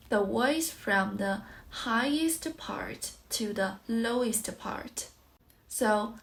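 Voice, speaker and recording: A woman's voice: a little high, animated, slow. A woman who speaks Mandarin Chinese natively, teaching a tutorial in English and carefully drawing out example syllables to show each tone. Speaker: language teacher.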